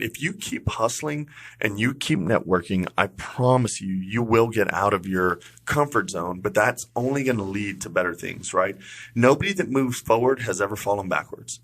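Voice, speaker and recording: Bright upbeat salesy man. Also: lowish voice, breathy edge. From Texas. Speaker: podcast co-host. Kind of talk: casual podcast chat.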